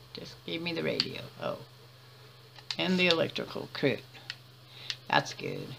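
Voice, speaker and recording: A woman's voice: on the low side, vocal fry, background noise. A woman giving chatty let's-play commentary, laughing often and muttering to herself as she plays. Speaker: gamer.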